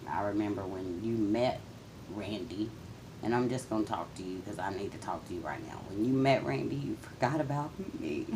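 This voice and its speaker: Over background noise, a woman with a very deep voice speaks at normal speed in a raw, emotional confessional monologue. She swears and vents, often addressing people who aren't there directly.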